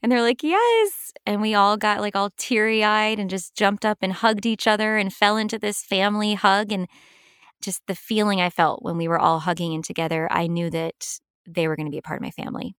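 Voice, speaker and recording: A middle-aged actress talking in a relaxed, enthusiastic interview, laughing often. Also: female voice, mid-range voice, a little fast, clean tone, no echo, studio quality. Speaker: actress guest. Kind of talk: casual interview chat.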